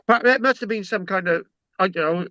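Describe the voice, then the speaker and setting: A man's voice: sits high, a little fast, bright, forceful tone, no echo. A man telling stories in casual chat, rambling and stammering, tagging lines with "right?". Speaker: channel host. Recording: dull lo-fi sound.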